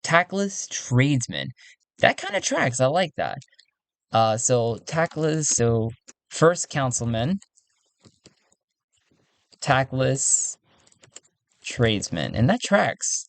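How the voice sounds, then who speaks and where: A man's voice: mid-range voice, wildly swooping pitch, slow, creaky, pauses often, dry recording. Chatty man playing a solo tabletop game. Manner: chatty, laughs often, thinks aloud.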